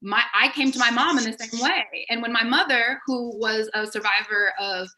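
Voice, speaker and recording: Bright-voiced woman, passionate and intense. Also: a little high, normal speed, rough recording. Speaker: panel guest. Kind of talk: casual conversation.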